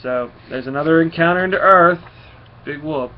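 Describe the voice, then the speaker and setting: A man's voice: fairly high pitch, normal speed, lo-fi sound. A man giving a casual comic book recap, rambling and full of fillers.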